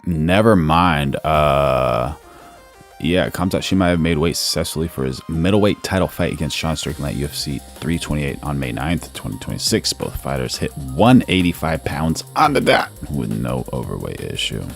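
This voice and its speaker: A man with a very low, gravelly voice hosts a casual live stream. He chats loosely with viewers, reads their comments aloud and tosses "bro" into nearly every sentence. Faint music plays underneath. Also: big pitch swings, normal speed. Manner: laid-back, calls everyone "bro", reads chat aloud.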